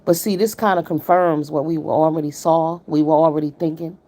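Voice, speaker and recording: A woman's voice: deep voice, fairly even intonation, fairly quick, warm tone. A woman hosting a live stream, giving blunt, emphatic and profane commentary while greeting her viewers. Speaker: livestream commentator.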